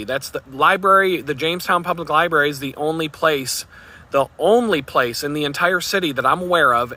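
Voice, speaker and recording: A man's voice: on the high side, bright, forceful tone. A man talking casually to his vlog audience in a blunt, rambling, profane way. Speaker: vlogger.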